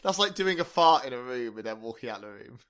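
A man's voice: mid-range voice, lively intonation, fast talker, a bit bright, smooth. A man co-hosting a comedy podcast, rambling through jokes and laughing often. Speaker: podcast co-host.

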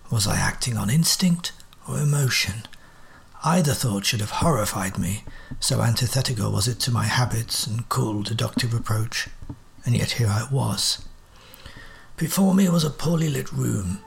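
A man's voice: mid-range voice, moderate pace, creaky, slight background noise, close to an everyday voice. A man voicing a cool, sardonic detective who speaks in clipped, precise Victorian diction.

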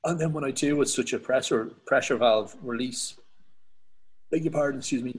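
A man with an Irish accent, a poet talking casually as a podcast guest, reflective and halting with many restarts. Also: medium pitch, husky, poor audio. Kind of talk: casual conversation.

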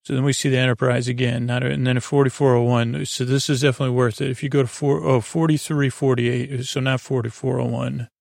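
A man recaps an episode in a slow, meandering ramble, padding it with fillers. His voice is gravelly and stays nearly monotone, recorded close and dry. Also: mid-range voice, dry recording. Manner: meandering, full of fillers and loose paraphrase. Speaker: podcast host.

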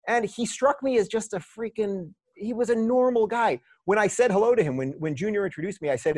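A middle-aged man on a podcast, telling stories in a lively, casual way. His voice sits a bit higher than most men's, and he often restarts his phrases with a repeated word. The sound is close and dry, with no room around it. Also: brisk, few pauses, no room sound. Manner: animated, repeats words at the start of phrases. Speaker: podcast guest. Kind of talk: casual storytelling. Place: lives in a large US city.

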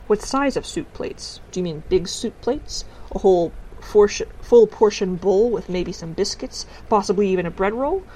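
Condescending male teacher, slow and drawn out, voiced by a woman; talks down to a child. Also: mid-range voice, expressive, mellow, close to an everyday voice, low-quality recording. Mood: patronizing. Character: patronizing male hedgehog teacher at a fair.

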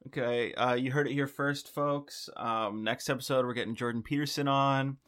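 Bright-voiced, easygoing male podcast co-host. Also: medium pitch, steady tone, moderate pace. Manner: easygoing, laughs often, reads the show's outro. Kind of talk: casual chat.

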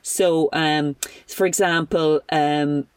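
A woman's voice: low-pitched, fairly even intonation, dry recording. Playful Irish woman podcast host. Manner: playful, teasing, quick to laugh. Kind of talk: casual phone chat.

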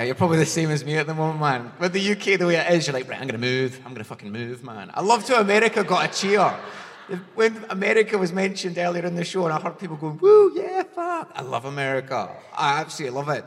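A man's voice: a little high, fairly bright tone. A man from Scotland with a Glaswegian accent performing a stand-up routine, with dry, wry punchlines. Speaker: stand-up comedian. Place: large concert hall with audience. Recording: live hall reverb, faint noise.

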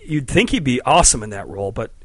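Man, podcast host, casual sports chat, lively swooping voice, dry close mic. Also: mid-range voice, quick pace, dry recording. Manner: animated, joking, swears freely.

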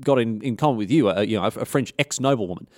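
A man's voice: on the low side, fast, a little mellow, no echo, clean studio sound, close to an everyday voice. A man voicing a flustered, bumbling king who stammers and hesitates.

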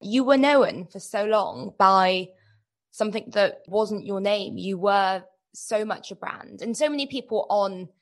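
A woman's voice: medium pitch, unhurried. A woman hosting an interview, asking long, thoughtful, winding questions in a conversational way. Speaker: podcast interviewer.

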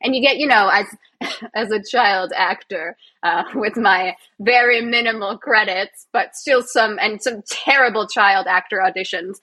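A woman's voice: medium pitch, measured pace, pushed and bright, breathy edge. A woman from Canada, a guest on an interview podcast, chatting in a bubbly, self-deprecating way and laughing often. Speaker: guest, physiotherapist and actor. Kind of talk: casual interview chat.

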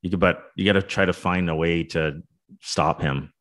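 A man's voice: deep voice, steady tone, moderate pace, a bit bright. A man co-hosting a casual hockey talk show, thinking aloud with many restarts and repeated words. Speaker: co-host, former pro hockey player and coach.

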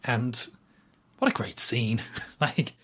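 A man's voice: medium pitch, slow, fairly bright tone, husky. A young man hosting a podcast, casually retelling a film scene in detail with plenty of fillers and quoted lines. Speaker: podcast host recapping a film. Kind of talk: casual chat.

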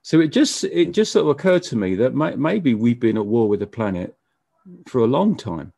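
A man being interviewed as a musician, talking casually in a halting way with frequent stammered restarts. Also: mid-range voice, sing-song, creaky, warm tone, no echo. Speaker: musician guest.

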